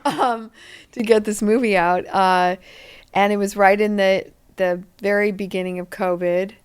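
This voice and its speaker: A woman's voice: medium pitch, unhurried, clean tone. A woman, an actress guest on a podcast interview, chatting casually and acting out the lines of people in her stories. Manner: animated storyteller, acts out quotes.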